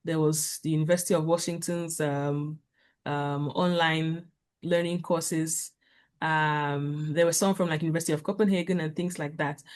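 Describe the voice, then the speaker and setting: A woman, speaking on a video call and giving earnest, practical advice with many pauses and fillers. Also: deep voice, steady tone. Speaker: guest speaker. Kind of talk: casual talk on a video call.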